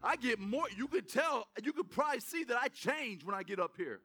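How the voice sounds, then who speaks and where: Male pastor, very high and bright voice, fired-up sermon delivery, calls out to the congregation. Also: very animated, a little fast, husky, faint music behind. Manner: fired-up, addresses congregation directly, emphatic repetition. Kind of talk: energetic sermon. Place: church sanctuary.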